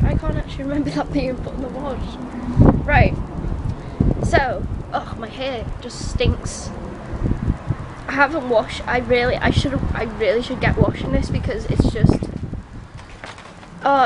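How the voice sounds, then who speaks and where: A teenage girl rambles through a casual video diary. She sounds worn out after a night with little sleep, giggles often, and keeps restarting her sentences. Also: on the high side. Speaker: vlogger. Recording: noisy home ambience.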